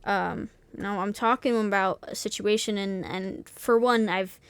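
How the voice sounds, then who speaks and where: A woman's voice: medium pitch, fairly even intonation, a little slow, smooth, dry recording. A young woman streamer in casual chat, talking candidly and swearing freely, with many restarts and fillers.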